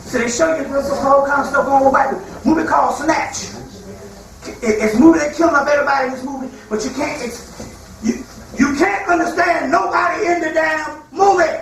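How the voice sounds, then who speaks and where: A man's voice: extremely high pitch, fairly quick, a bit bright, a little hiss or hum. Emphatic, profane man lecturing in a hall. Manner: profane, emphatic, mocking asides. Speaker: spiritual lecturer. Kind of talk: freewheeling lecture. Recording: echoey hall, far from mic.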